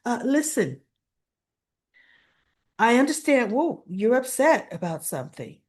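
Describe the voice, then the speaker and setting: A woman voicing a polite, peacemaking woman who calms a family fight in a sweet, lifted, soothing tone. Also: on the high side, unhurried.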